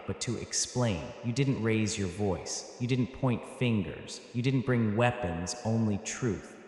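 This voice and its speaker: A man giving a dramatic motivational voice-over, slow and emphatic, in short clipped phrases with pauses. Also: on the low side. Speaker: narrator. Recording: heavy echo with long hall reverb.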